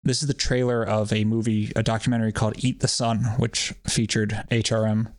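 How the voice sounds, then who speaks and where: A man's voice: on the low side, little pitch movement, brisk, dry recording. A man co-hosting a podcast, talking in a casual, rambling, sardonic way and swearing freely. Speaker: podcast co-host.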